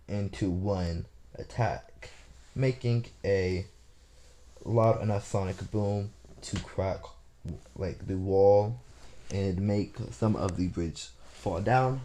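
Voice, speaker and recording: Male storyteller, deep and mellow voice, loosely improvising a fan story while working out the plot aloud. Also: slight background noise. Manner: thinking aloud, plotting as he goes. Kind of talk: casual improvised story retelling.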